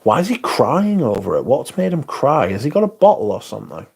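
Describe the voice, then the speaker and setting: Guy hosting a stream, gravelly voice, swears a lot, dry and sarky. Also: medium pitch, very animated, brisk, darkish tone. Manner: sweary, sardonic, reads chat aloud. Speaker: livestream host. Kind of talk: casual livestream chat.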